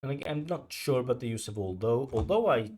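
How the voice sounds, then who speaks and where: Male examiner, conversational commentary, relaxed explanatory delivery. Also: mid-range voice, quick pace. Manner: explanatory, chatty, many "you know" fillers. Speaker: IELTS examiner giving feedback. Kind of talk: commentary on a recorded speaking test.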